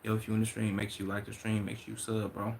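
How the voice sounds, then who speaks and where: A young man from Chicago, a livestreamer reading out and answering chat in loose, profane, excitable banter. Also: lowish voice, quick pace, creaky, slight background noise.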